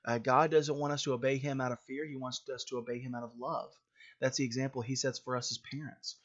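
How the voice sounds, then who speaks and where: A man preaching in an easy conversational manner, pausing on small fillers and restarting phrases. His voice sits at an ordinary middle pitch. The recording is slightly dull and lo-fi. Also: level tone. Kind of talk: sermon.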